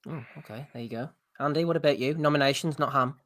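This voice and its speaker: Dry host steering the chat. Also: male voice, mid-range voice, quick pace, a bit bright, dry recording. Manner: dry, moves the talk along. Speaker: podcast host. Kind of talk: casual banter.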